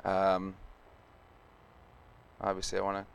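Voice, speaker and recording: As a live stream host, a man codes and talks through it casually, muttering, humming and chatting. His low voice is monotone, slow, creaky and smooth.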